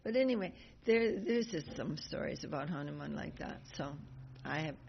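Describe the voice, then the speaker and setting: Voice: mid-range voice, animated, moderate pace, gravelly. A speaker teaches a devotional class, rambling through a story with frequent laughs and self-corrections. The recording is dull and lo-fi, with a faint hiss behind it.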